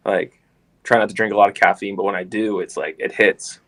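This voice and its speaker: A man's voice: lowish voice, level tone, a little fast. A young man co-hosting a podcast in casual chat, earnest and rambling with lots of fillers.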